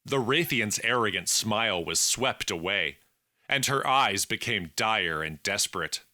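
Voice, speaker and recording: A man narrating an audiobook in a measured, deliberate way, with lively intonation. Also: lowish voice, no echo, clean studio sound. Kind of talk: scripted narration.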